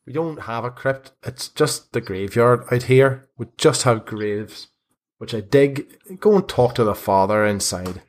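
A surly young gravedigger, voiced by a man snaps back in short, defensive answers. His tone stays at an ordinary middle pitch. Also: lively intonation, measured pace, close to an everyday voice. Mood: dismissive. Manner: curt and defensive.

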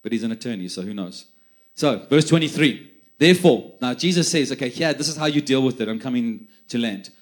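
A man's voice: mid-range voice, expressive, a little fast. Man preaching conversationally. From South Africa. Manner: conversational storytelling with many repeated words. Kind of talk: sermon.

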